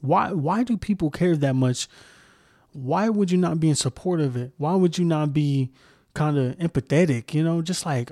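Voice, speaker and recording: A man's voice: on the high side, normal speed, dark tone, no echo, clean studio sound. A man hosting a solo podcast, ranting heatedly and with heavy profanity, often restarting sentences as he searches for words. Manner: heated, profane, repeats himself. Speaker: podcast host.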